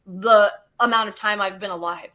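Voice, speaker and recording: A woman guest telling personal stories in a chatty, animated way, full of fillers and casual swearing. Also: medium pitch, moderate pace. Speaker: podcast guest, geologist. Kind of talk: casual storytelling.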